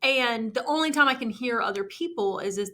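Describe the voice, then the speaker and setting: A woman, a TV reporter, chatting casually with her co-host and adding quick reactions. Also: a little high, lively intonation, sharp tone. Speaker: TV news reporter. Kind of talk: casual chat.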